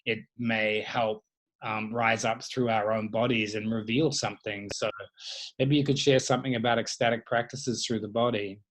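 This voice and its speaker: Man, host of a spiritual dialogue; bright, forceful tone; contemplative, unhurried delivery. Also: lowish voice, steady tone, rough recording. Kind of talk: reflective spiritual conversation.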